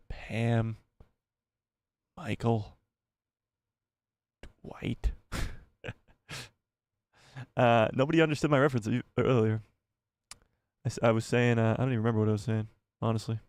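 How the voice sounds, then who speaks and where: A man hosts a live stream in a loose, rambling way, joking and laughing often. His voice sits at an ordinary pitch and sounds close and dry. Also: clear, resonant tone, no echo. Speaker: livestream host. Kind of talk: casual live-stream chat.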